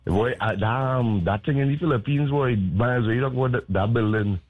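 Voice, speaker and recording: A man's voice: medium pitch, a little fast, phone-quality sound, faint music behind. A man chatting on a radio show, loose and repeating "boy" as a filler. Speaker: caller. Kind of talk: call-in radio chat.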